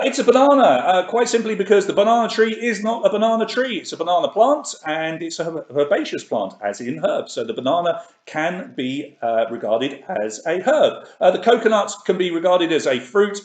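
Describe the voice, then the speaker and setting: A man's voice: a little high, big pitch swings, moderate pace, hardly any pauses. Chatty male quiz host, echoey room. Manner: chatty, reads questions and options twice. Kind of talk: live online quiz hosting.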